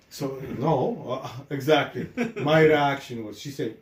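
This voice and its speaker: A man's voice: medium pitch, slow pace, recorded from a distance. A man with a Polish accent and broken, non-native English, telling stories animatedly in a casual podcast chat, swearing freely. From Poland. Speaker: podcast co-host. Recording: echoey room, off-mic.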